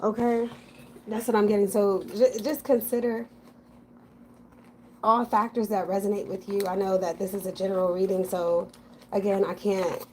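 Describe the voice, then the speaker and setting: A woman's voice: mid-range voice, little pitch movement, normal speed, long pauses, slight background noise. A woman giving a casual general tarot reading, talking frankly and thinking aloud to her viewers. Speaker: tarot reader.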